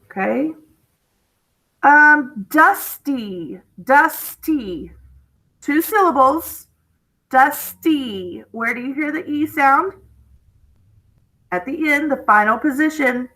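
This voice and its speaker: A woman teacher giving a spelling lesson to young students, drawing out each word slowly and patiently. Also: sits high, bright, forceful tone, rough recording.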